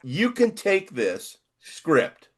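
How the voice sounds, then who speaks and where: An older man co-hosting a relaxed podcast chat. He talks unhurriedly, pitch rising and falling with animated range. He rambles, stopping and starting as he reads pieces aloud. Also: extremely slow, breathy edge. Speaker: podcast co-host. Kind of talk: casual chat.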